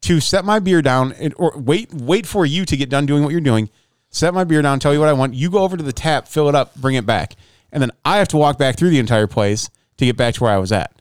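A man's voice: on the high side, fast, dry recording. Exasperated man telling a story, dry sound. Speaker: podcast co-host. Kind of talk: casual chat.

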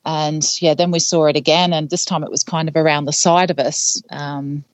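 A woman's voice: low voice, level tone, moderate pace, no room sound. A woman guest on a podcast, telling a story casually with many fillers and laughs between phrases. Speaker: podcast guest, trail runner.

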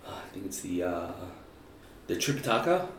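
Low-voiced man rambling casually. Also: moderate pace. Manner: relaxed, rambling, stammers and laughs. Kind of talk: casual chat. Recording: roomy, distant mic with faint noise.

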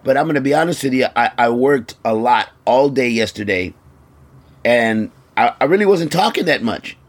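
A male podcast host talks casually with a scratchy, slightly rough throat. He rambles, stumbling over and repeating words as he goes. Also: medium pitch, animated, moderate pace. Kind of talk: casual chat.

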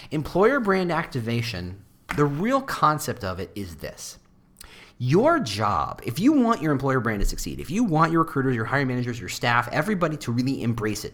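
A man hosting a casual talk show, speaking with wry asides and jumping into high mock voices when quoting people. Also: normal speed. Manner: animated, jumps into high mock voices for quotes; wry asides, self-deprecating. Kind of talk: casual monologue on employer branding.

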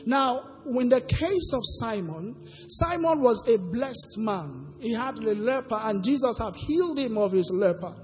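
A woman preacher with a highish, lively voice, speaking a little slowly, delivers a sermon in a church hall, putting questions to the congregation for them to answer and lilting some phrases in a sing-song way. A long hall reverb and faint music fill the recording.

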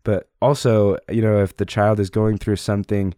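A man's voice: lowish voice, level tone, moderate pace, dark tone, no room sound, studio quality. Sick young man hosting a podcast. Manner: upbeat, encouraging, with frequent fillers. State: sick, strained voice. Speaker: podcast host. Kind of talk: casual solo podcast talk.

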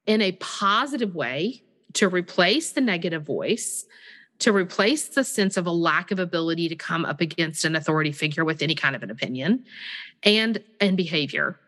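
A woman, co-hosting a parenting podcast, animated and chatty, often acting out what a parent and a child would say. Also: on the low side, normal speed, big-room sound. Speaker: podcast co-host. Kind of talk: casual parenting podcast chat.

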